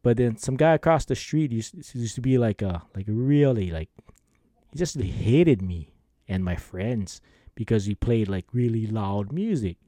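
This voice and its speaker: A man hosts his podcast, rambling through stories and laughing as he goes. His pitch swoops up and down constantly, and his tone is dark and mellow. The recording is dry and close. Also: measured pace, dry recording. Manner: rambling, animated, acts out quoted lines; laughs often. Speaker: podcast host. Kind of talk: casual storytelling monologue.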